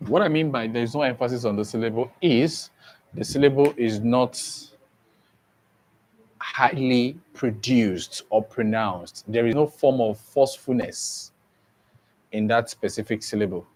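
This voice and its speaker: In this English exam-prep lesson, a man from Nigeria talks in a mid-range, slightly mellow voice. His delivery is slow and repetitive, and he goes over every point again while frequently checking that the class is following.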